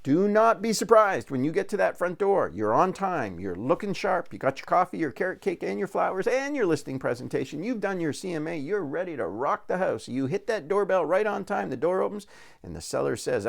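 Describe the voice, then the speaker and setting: A man's voice: high voice, sing-song, a little fast, vocal fry. A man giving a recorded real estate sales training talk, telling folksy stories and repeating words as he restarts.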